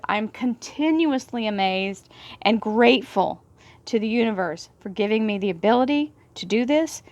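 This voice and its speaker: A woman with a Texas Southern drawl giving a tarot card reading. She talks effusively, bursts into excited laughter and drops into hushed prayers. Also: on the high side, no room sound. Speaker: tarot reader.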